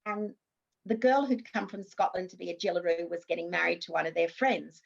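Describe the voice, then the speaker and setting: A fairly low, gravelly female voice speaks briskly with fairly even intonation, the highs cut off. She's an Australian ex-TV actress in her fifties, casually telling interview anecdotes with many restarts.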